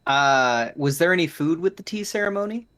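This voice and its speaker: Male player, easygoing and chatty, voice slightly on the high side. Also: expressive, moderate pace, fairly bright tone. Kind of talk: casual tabletop game chat.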